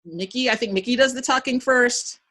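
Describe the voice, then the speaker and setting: A woman's voice: fairly high pitch, fairly quick. A woman hosting a podcast, recapping an episode in casual chat, laughing often and acting out lines as she goes. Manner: animated retelling, acts out quoted lines, laughs often. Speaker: podcast host.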